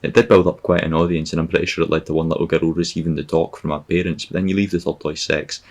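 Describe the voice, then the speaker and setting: A man's voice: very deep voice, little pitch movement, quick pace. A Scottish man hosting a podcast, rambling through a comic, sarcastic and profane travel monologue. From Scotland. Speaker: podcast host.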